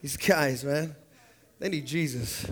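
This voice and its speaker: A man preaching a sermon, joking and swinging between loud highs and low asides. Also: slow pace, breathy edge. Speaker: pastor.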